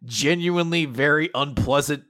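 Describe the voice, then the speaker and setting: A man co-hosting a casual manga podcast, enthusiastic and quick to swear. His voice sits a little high, and he fills his sentences with hedging fillers. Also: sharp tone. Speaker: podcast co-host.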